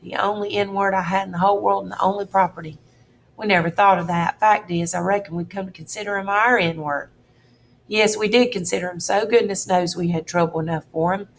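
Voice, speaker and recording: A woman's voice: medium pitch, steady tone, a little fast, a little hiss or hum, lightly acted. A woman voicing a middle-aged male con man who drawls and bosses in a threatening way. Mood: scheming.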